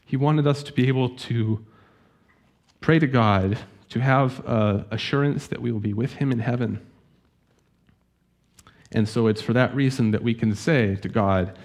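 A man preaching a sermon as pastor, speaking earnestly and gently, reading scripture slowly to his congregation. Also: medium pitch.

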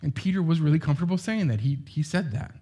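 A man's voice: a little high, animated, fast talker, dark tone, slightly rough. Chatty man preaching a sermon. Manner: conversational, heavy use of "like" and rhetorical questions.

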